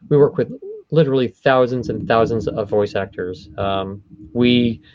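A man's voice: mid-range voice, a little mellow, lo-fi sound, slight background noise. A man who runs a voice studio, explaining his field in a conversational interview, often stopping to rephrase. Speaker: voice studio owner.

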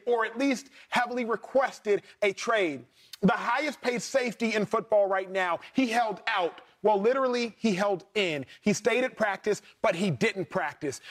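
A man hosting a sports debate show, energetic and hyperbolic with a sing-song delivery. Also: high-pitched.

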